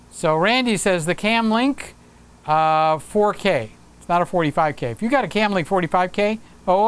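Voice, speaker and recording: Hosting a laid-back livestream, a man with a smooth, high voice keeps things upbeat, reading out viewer comments and often filling gaps with fillers.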